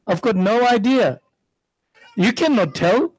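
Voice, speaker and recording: Middle-aged man preaching, lots of rhetorical questions, does voices for the story, high voice, dry sound. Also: lively intonation, takes it slowly, breathy edge, no room sound, low-quality recording. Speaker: sheikh giving a religious talk. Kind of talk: sermon with storytelling.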